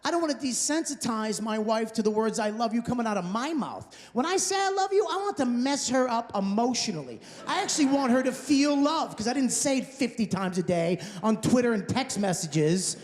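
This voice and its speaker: Guy in his 30s doing standup, really high voice, sarcastic ranting, live room with a long echo. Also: animated, brisk, few pauses. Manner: sarcastic ranting, mocking impressions. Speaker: stand-up comedian. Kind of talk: stand-up set. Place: comedy club stage. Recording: live hall reverb, faint noise.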